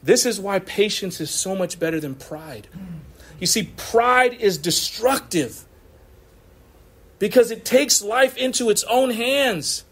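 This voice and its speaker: A man with a high voice preaching from the pulpit in an American church. He talks loosely and with energy, mixing slang and quick laughs into the message. His pitch swings up and down as he drives his points home. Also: animated, fairly bright tone, breathy edge. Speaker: pastor. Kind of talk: sermon.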